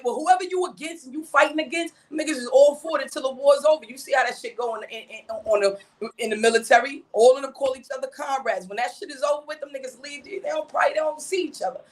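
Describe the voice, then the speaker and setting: A mother chatting on a podcast, animated and emphatic, full of slang and repeating "you know what I mean". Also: high voice, quick pace. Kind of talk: casual podcast chat.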